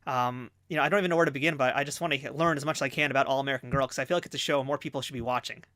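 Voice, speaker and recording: A man's voice: medium pitch, steady tone, very fast, sharp tone, dry recording, studio quality. A man hosting a podcast interview, asking eager, fan-like questions.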